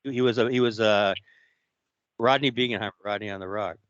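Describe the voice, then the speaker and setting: A man's voice: fairly low pitch, brisk, highs cut off, a little hiss or hum. A man hosting a casual call-in show, offhandedly sharing trivia. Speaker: show host.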